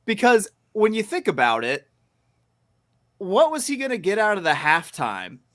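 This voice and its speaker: A man co-hosting a podcast, talking casually with animated emphasis. His voice has a bright edge and sounds dry and close on the mic. He often breaks off with fillers and restarts before pushing on. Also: sits high, normal speed, dry recording. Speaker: podcast co-host. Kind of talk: casual chat.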